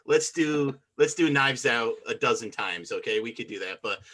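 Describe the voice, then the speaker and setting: A man presiding over a casual podcast debate about films, relaxed and enthusiastic, with a lot of "like" and "you know". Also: mid-range voice, normal speed.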